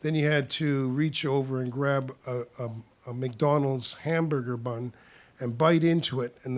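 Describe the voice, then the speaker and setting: A man's voice: medium pitch, steady tone, normal speed. A man casually telling stories about his past, rambling with restarts and chuckling often as he talks. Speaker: storyteller. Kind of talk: casual spoken storytelling.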